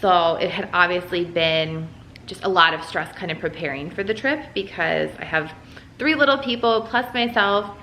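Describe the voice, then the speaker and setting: A woman's voice: fairly low pitch, normal speed, bright, forceful tone, roomy sound, slight background noise, poor audio. A young woman vlogger casually telling a story at home while folding laundry, full of "like" and "um". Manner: chatty, lots of "like" and "um". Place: room at home.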